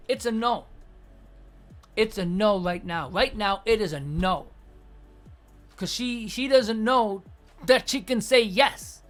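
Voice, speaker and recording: A woman hosting an advice show, giving blunt, profane advice and acting out quick mock scenes along the way. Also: a little high, fairly bright tone. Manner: acts out little scenes in quick mock voices. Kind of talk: casual advice rant.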